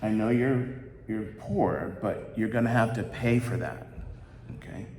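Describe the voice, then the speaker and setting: A man voicing a fair-minded male judge in an even, reasonable tone within a sermon story. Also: on the low side, a little slow, echoey room, in a large hall, slight background noise. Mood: calm.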